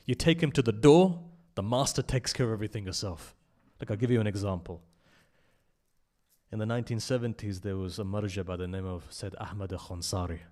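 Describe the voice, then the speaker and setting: Low-voiced guy preaching at a memorial gathering, gets loud then goes quiet, very passionate. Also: a little fast. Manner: impassioned, rising to loud emphasis and dropping to hushed asides. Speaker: speaker at a memorial majlis. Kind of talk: sermon with storytelling.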